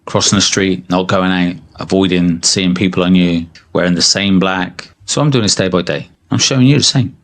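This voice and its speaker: A low-pitched man, around fifty, talking straight to camera about his life. His delivery is candid and emotional, blunt, and laced with swearing. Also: steady tone, normal speed, hardly any pauses. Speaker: weight-loss vlogger. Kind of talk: confessional monologue to camera.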